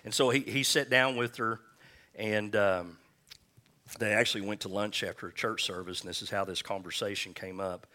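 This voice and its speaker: Male pastor, lower register, pointed edgy delivery; casual preaching with jokes and call-and-response. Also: steady tone, bright, forceful tone. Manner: folksy, joking asides, scripture read slowly. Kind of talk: conversational sermon with call-and-response.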